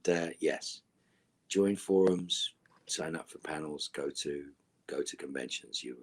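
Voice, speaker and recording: Very deep husky man, relaxed. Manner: relaxed, drifts into a low near-whisper at line ends. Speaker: actor answering fan questions. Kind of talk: casual Q&A, reading out fan questions.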